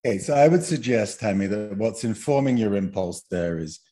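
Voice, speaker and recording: Mellow-voiced man explaining, right?. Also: lowish voice, animated, brisk. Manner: explanatory, peppers talk with "right?". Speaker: guest therapist trainer. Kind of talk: conversational podcast teaching.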